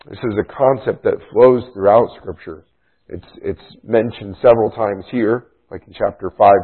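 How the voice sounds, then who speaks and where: A low, husky male voice preaching a sermon with emphatic, explanatory delivery. The recording is thin and phone-like. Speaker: pastor. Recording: tinny phone-like sound.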